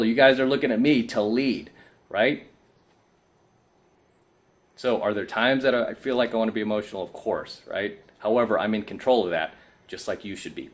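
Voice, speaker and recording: A man delivers a casual coaching monologue to his viewers. He is emphatic and preachy and keeps tacking "right?" onto his points. He sounds worn out from too little sleep, and his voice sits a little low. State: tired from lack of sleep. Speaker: men's coaching YouTuber.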